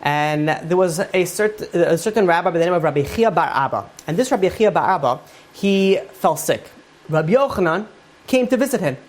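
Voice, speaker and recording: A man's voice: sits high, expressive, moderate pace. A man, a rabbi, giving an informal Torah class, retelling Talmud stories in a conversational way with many fillers.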